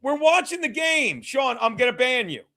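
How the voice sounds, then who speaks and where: A man with a fairly high voice hosts a casual live stream of a football game. He talks straight to his chat, laughing, swearing and now and then yelling at a viewer. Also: big pitch swings, normal speed. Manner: loud, swears freely, shouts at chat, laughs often.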